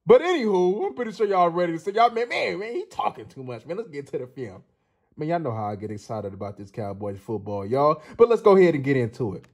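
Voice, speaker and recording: A man hosting his own channel, giving an excited football film breakdown, laughing often and repeating his points for emphasis. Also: fairly high pitch, quick pace. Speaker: sports channel host.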